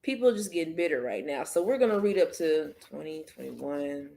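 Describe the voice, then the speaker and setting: A woman hosting an online book club, chatting casually and directly to her viewers, animated and often laughing in exasperation. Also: low-pitched, a little fast, vocal fry, slight background noise. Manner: talks straight to viewers. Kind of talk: casual chat.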